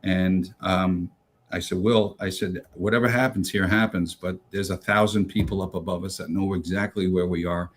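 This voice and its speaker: A man's voice: low-pitched, steady tone, moderate pace, breathy edge. A retired rescue officer, a man, telling a first-hand story with many fillers and restarts, acting out what others said. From United States.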